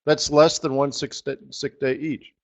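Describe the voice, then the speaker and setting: A man's voice: mid-range voice, flat delivery, measured pace, gravelly. A man hosting a live trading webinar, talking in a sarcastic, joking, rambling way. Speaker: forex market strategist hosting a live webinar.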